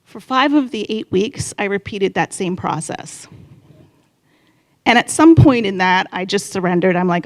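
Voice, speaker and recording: A woman's voice: mid-range voice, moderate pace. A woman in her fifties telling a candid personal story on stage at a live event, chatty and acting out her own inner voice. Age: 50s.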